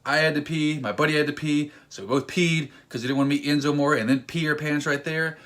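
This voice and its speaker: Excitable rambling man telling a story. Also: on the high side, fast. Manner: excitable, rambling, acts out quotes. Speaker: vlogger. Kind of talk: casual storytelling vlog.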